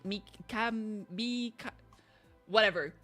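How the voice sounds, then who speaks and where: A young woman streaming a game, chatting excitably, giggling and swearing freely. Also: mid-range voice, slow pace, soft background music. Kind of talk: casual gameplay commentary.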